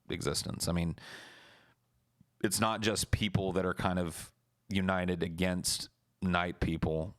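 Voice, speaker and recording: Streamer, male, very low pitch, loose profane chatter, dry close sound. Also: gravelly, dry recording. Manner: loose, profane and rambling, with many restarts. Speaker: live streamer. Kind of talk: casual late-night stream chat.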